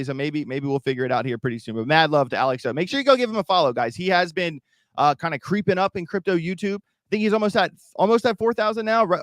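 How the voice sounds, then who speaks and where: Guy doing casual crypto stream chat, rambly, repeats himself, kinda high voice, dry mic. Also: no echo. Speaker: crypto YouTube host. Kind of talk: casual livestream commentary.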